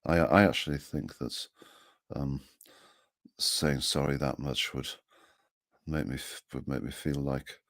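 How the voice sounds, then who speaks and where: A man with an extremely deep, gravelly voice speaks haltingly and hesitantly, filling his pauses with "um" and "uh". His voice sounds dry and close, with little room echo. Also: fairly even intonation. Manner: halting, hesitant, many fillers. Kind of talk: casual live-stream chat.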